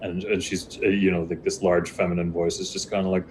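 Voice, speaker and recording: Game master, man, very deep voice, loose rambling narration, faint hiss. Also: little pitch movement, brisk, a little mellow, rough recording. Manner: rambling, many fillers and restarts.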